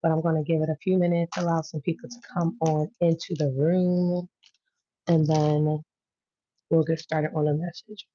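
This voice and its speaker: A woman's voice: sits low, level tone, moderate pace, warm tone. A woman hosting a tarot-reading live stream in an easygoing, casual way, often repeating her greetings and thanks. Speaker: tarot reader and channel host. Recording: slightly dull lo-fi sound.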